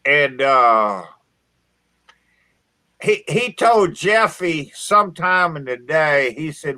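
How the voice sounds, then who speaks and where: A man's voice: a little high, animated, slow, pauses often, sharp tone, no echo. A man from southern Indiana hosting a casual chat, swearing freely and stumbling over restarts. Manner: profane, stammering restarts. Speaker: podcast host.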